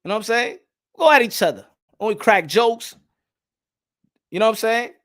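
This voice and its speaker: A man's voice: high-pitched, animated, normal speed, fairly bright tone. A man from New York with a New York accent, talking in a loose, profane, laughing monologue as a boxing channel host. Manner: loose, swearing, laughing often.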